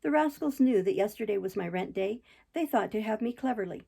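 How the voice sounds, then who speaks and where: A pompous, harsh old magistrate blustering with indignation, read by a woman in her own voice. The tone is low, dark and gravelly, with a husky roughness. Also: lively intonation, fairly quick. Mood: indignant.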